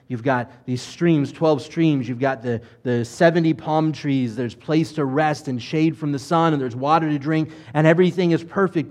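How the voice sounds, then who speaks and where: Animated higher-voiced man preaching a sermon. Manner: conversational preaching, rhetorical questions, animated acted-out quotes. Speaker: rabbi.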